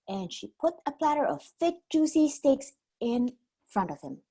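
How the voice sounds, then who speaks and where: Slow, expressive preschool storyteller woman. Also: a little high, husky. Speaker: preschool teacher. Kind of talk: storybook read-aloud.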